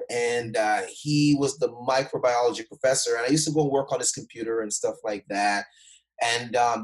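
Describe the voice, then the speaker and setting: Energetic man from Jamaica telling stories. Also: medium pitch, rough recording. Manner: energetic, acts out quoted people, frequent fillers and restarts. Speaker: guest, motivational speaker. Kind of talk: animated personal storytelling in an interview.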